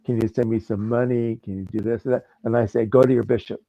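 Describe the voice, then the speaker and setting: A man on a panel podcast, talking in a halting way and repeating words as he starts. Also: medium pitch, steady tone, vocal fry, dry recording. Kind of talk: casual panel chat. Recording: dull lo-fi audio.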